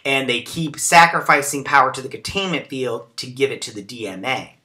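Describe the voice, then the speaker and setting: A man's voice: medium pitch, normal speed, bright, forceful tone. A man hosting a casual episode recap and review, chatty and rambling with lots of fillers. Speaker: show recap host.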